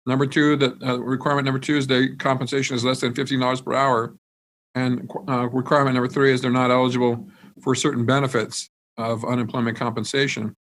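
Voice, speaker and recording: A man, a state senator, speaking remotely in a floor debate, measured and hesitant with many fillers and restarts. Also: mid-range voice. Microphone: remote video call.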